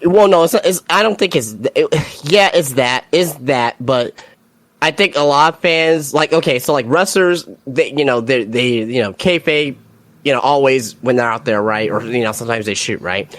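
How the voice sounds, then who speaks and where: A man in casual wrestling chat, halting and full of "like" and "you know". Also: medium pitch, a bit bright, dry recording.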